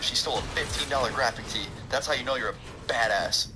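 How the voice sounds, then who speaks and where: A man's voice: medium pitch, a little fast. A young man telling a profane, rambling story to camera in a casual, joking vlog. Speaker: storytime vlogger. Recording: clear background noise.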